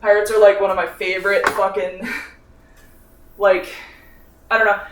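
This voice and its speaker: A man's voice: high voice, little pitch movement, normal speed, long pauses. Young man, twenties, tired and sunburned, rambling cooking vlog chat, swears a lot, laughs often, echoey kitchen, voice off-mic. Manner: rambling, self-mocking, swears often, laughs between phrases. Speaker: vlogger. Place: home kitchen while cooking. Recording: echoey room, voice from a distance.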